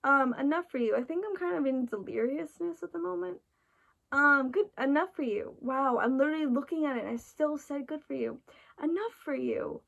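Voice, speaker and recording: A woman's voice: high voice, brisk, gravelly, fairly bright tone, highs cut off. A woman chatting in a casual, rambling way, full of restarts and "like", sounding tired and emotional. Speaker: vlogger reacting to an album.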